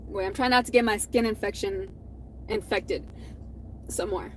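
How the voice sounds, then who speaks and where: A woman's voice: medium pitch, normal speed, a little hiss or hum, low-quality recording. A young adult woman telling a personal story in a casual vlog, candid and profane, laughing now and then. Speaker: vlogger.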